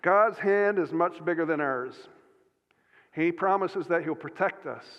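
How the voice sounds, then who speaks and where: A man preaching a sermon as pastor, earnest, often restarting and filling pauses with "uh" and "um". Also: on the high side. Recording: dull sound with long hall reverb.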